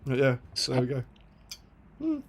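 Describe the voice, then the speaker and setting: A man from Greater London, around his thirties, co-hosting a relaxed live stream. He reads comments aloud and chats with a mid-pitched voice, laughing easily and tripping over his own starts. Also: takes it slowly, slight background noise. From Greater London, England. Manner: chatty, laughs often, lots of restarts and fillers. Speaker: co-host reading live chat. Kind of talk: casual livestream chat.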